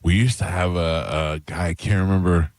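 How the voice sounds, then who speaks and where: A man's voice: low-pitched, steady tone, fairly quick, darkish tone, dry recording, studio quality. A man co-hosting a radio show, trading blunt, gossipy stories and mimicking people he has worked with. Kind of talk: casual radio banter. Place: radio studio. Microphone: studio microphone.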